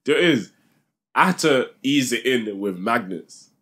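A man's voice: mid-range voice, lively intonation, measured pace, fairly bright tone, husky. A young man, telling a story in a laid-back way as a podcast co-host and tagging "innit" onto his sentences. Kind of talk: casual chat, storytelling.

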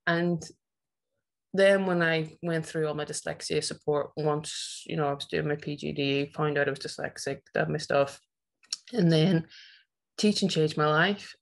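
A woman with a strong Northern Irish accent tells her story with passion and emphasis. Her voice sits low. She sounds like a teacher in her forties speaking to an audience. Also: normal speed, vocal fry. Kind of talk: personal presentation talk.

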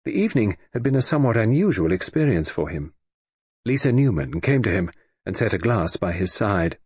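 A man narrating an audiobook in a scripted, expressive reading. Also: lowish voice, fairly quick, breathy edge, no echo.

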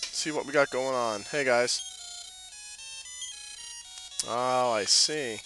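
A man's voice: medium pitch, slow, music in the background, poor audio. A man doing casual gameplay commentary, cracking jokes, swearing and talking back to the game characters. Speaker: let's play commentator.

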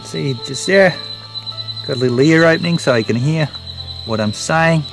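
Outdoors by a creek at night, an Australian-accented man hosts a wildlife vlog, chatting casually in field narration and calling the animals mate. His fairly high voice has vocal fry at a normal pace, heard over music amid loud crickets and insects. The recording quality is low.

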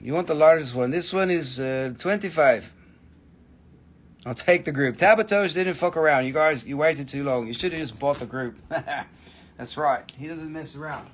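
Brief: man on a live-stream sale, slightly raised pitch, loose and profane, answers viewers as he goes. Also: normal speed. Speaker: crystal seller hosting a live sale. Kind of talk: casual live-stream sales chat.

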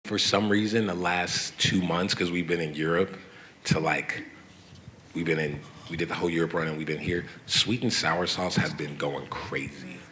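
Deep-voiced young man answering fans live, punchy and bright, swears freely. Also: moderate pace, slight background noise. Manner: animated, swears, tells stories. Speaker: guest artist answering fan questions. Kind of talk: casual live Q&A. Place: event hall with audience.

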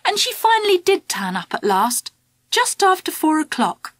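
A woman narrating a children's audiobook in the first person, in a lively storytelling manner. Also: extremely high pitch, moderate pace, dry recording.

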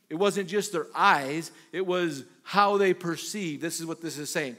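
Male pastor mid-sermon, animated delivery with repeated phrases, voice a bit high. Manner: animated preaching with retold dialogue and repetitions.

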